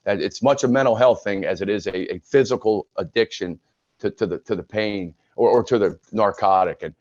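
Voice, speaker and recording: A man in his sixties speaks frankly and conversationally as a podcast guest, retelling his past with plenty of restarts. His voice sits at an ordinary pitch. The recording is dry and a little dull and lo-fi. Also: normal speed, a little mellow, no room sound. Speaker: podcast guest, retired sports broadcaster. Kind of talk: candid personal storytelling.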